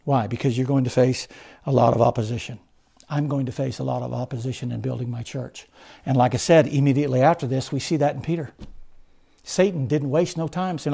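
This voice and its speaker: A man preaching a sermon, rising to loud fervent emphasis and then dropping to low, quiet stresses. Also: fairly even intonation, brisk, gravelly, slightly rough. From United States.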